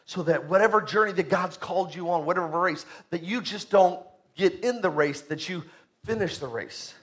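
A man, a pastor, preaching a sermon in a church, emphatic and rising loud on key points. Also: sits high, moderate pace.

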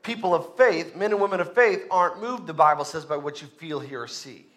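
Pastor guy preaching hard, high bright voice, keeps repeating lines and getting the crowd to shout back. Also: fairly quick. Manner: emphatic call-and-response, heavy repetition. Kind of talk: sermon.

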